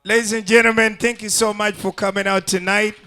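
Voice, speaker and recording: Faint music plays behind a male comic whose high, bright voice has a gravelly edge. Keeping a level tone and a brisk pace on the stage mic, he tells his story with animation and voices the characters in it.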